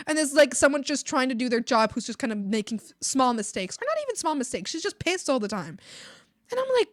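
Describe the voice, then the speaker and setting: A young woman streamer venting to her chat in a casual, profane, animated rant, mocking other people's voices as she goes. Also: high-pitched, quick pace, dry recording, studio quality. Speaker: art streamer. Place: home streaming setup.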